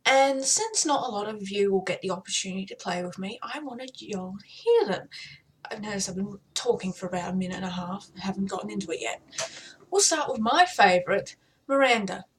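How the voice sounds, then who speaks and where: A woman's voice: mid-range voice, lively intonation, a little fast, a little hiss or hum. Chatty woman rambling about her game voices, giggly and self-deprecating. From not American. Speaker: gamer showing off voices. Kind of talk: casual chat to camera.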